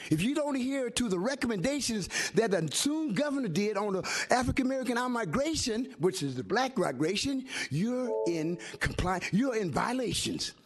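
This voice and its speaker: A man's voice: very high voice, sing-song, normal speed, few pauses. An older man and community activist giving fiery public comment at a city hearing, emphatic and rhyming like a preacher. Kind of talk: impassioned public testimony.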